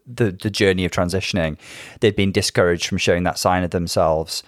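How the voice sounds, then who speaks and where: A man's voice: low voice, steady tone, brisk, dry recording, clean studio sound. A man co-hosting a casual chat, talking things through in a thoughtful, analytical way. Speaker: podcast co-host.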